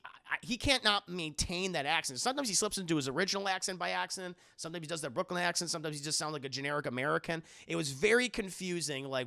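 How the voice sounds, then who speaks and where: This film review comes from a live stream, where a man with a gravelly, somewhat higher-than-average male voice speaks in a bright, edgy tone. Talking with viewers in the chat, he rambles, repeats himself, and swears without restraint.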